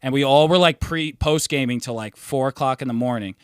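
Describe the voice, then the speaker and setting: A man's voice: mid-range voice, brisk, clean tone, dry recording, clean studio sound. A young man co-hosting a podcast, telling rambling stories in casual chat and swearing freely. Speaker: podcast co-host.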